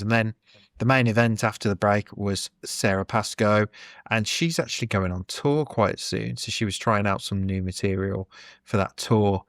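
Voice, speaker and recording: A middle-aged man, co-hosting a podcast and telling an animated story with a laugh in his voice. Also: lowish voice, dry recording, studio quality. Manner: chatty, animated, laughs while telling stories. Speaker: podcast co-host. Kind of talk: casual chat, storytelling.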